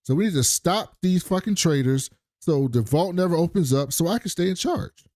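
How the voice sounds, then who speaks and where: A man's voice: on the high side, expressive, moderate pace, a little mellow, dry recording, studio quality, pitched above the performer's own voice, close to an everyday voice. A man mimicking a smug, power-hungry mayor who scoffs dismissively. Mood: scoffing.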